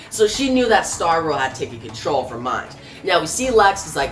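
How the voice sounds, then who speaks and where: A woman recapping a comic's plot in a casual, plain retelling, pausing with fillers. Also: sits low, big pitch swings, a bit bright. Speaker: comic reviewer. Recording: roomy with faint music.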